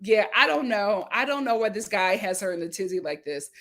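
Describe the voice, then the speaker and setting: A woman's voice: medium pitch, animated, fairly quick, a bit bright. A woman hosting a casual reality show recap, reading out viewer comments and repeating her lines for emphasis.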